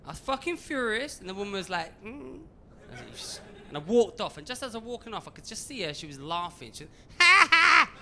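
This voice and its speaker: A man doing a stand-up comedy routine on a club stage, animated, swinging from muttering to shouting. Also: sits high, very fast, few pauses.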